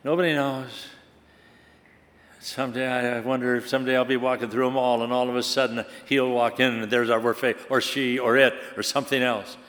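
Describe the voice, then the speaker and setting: A man preaching a sermon, dramatic, swinging from loud bursts to hushed tones. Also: mid-range voice, level tone, fairly quick. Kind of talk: sermon with recited poem. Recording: long hall reverb.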